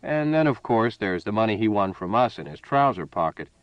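A man's voice: lowish voice, big pitch swings, a little fast, no echo, lo-fi sound. A man doing Seal, a purring gambling crook. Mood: menacing. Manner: hearty, boastful, then cold and purring. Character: smooth menacing male space-liner card sharp.

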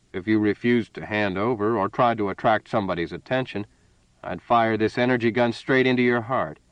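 A man voicing a smooth, menacing male card sharp aboard a spaceship, hearty and boastful, then cold and purring, on a dull, dry recording. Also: lowish voice, no room sound, close to an everyday voice.

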